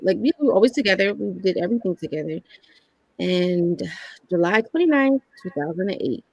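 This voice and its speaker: A woman's voice: fairly low pitch, a little fast, gravelly, no room sound, low-quality recording. A woman in her thirties, candidly telling a personal story as a podcast guest and acting out the lines people said to her. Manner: candid, animated storytelling that acts out quoted lines.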